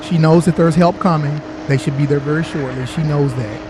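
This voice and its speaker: A man's voice: on the high side, fairly quick, background noise. A man who is a former state trooper giving earnest, emphatic reaction commentary, repeating his key points.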